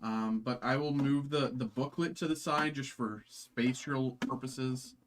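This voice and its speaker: A man's voice: mid-range voice, fairly even intonation, measured pace, slight background noise. Rambling man hosting a card break. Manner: self-deprecating, rambling with many fillers and restarts. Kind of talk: live card-opening stream chat.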